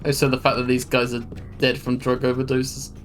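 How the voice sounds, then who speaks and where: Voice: medium pitch, monotone, brisk, faint music behind. A streamer casually commenting while playing a video game, swearing now and then. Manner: casual, swears, laid-back.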